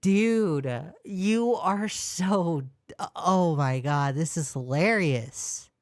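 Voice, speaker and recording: Exasperated woman, slow rambling commentary. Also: on the low side, darkish tone, no room sound, clean studio sound. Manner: exasperated, rambling with many restarts. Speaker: commentary host. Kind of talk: casual reaction commentary.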